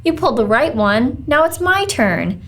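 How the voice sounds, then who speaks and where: A woman's voice: very animated, normal speed, a bit bright, exaggerated voice. A woman doing a wheedling talking pigtail. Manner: coaxing, wheedling, lower than narration. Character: whiny pestering talking pigtail, small thing.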